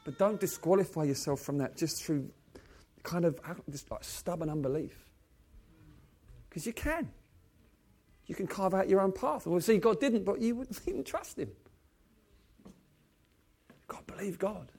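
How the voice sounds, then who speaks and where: A man preaching a sermon, swinging from loud exclaiming passages to soft, low, intimate ones and asking the congregation questions. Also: normal speed, pauses often. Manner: asks the congregation direct questions.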